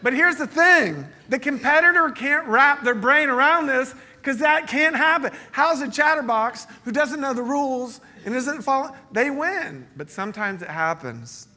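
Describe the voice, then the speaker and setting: Bright-voiced storytelling pastor. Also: male voice, very high-pitched, moderate pace, hardly any pauses. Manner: storytelling, joking, animated. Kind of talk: sermon. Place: church meeting space.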